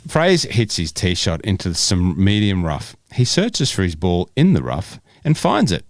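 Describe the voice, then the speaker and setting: A man's voice: sits low, wildly swooping pitch, unhurried, no room sound, studio quality. A man co-hosting a casual podcast, joking around and stumbling as he reads questions aloud. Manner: jokey, stumbles and restarts when reading aloud. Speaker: podcast co-host.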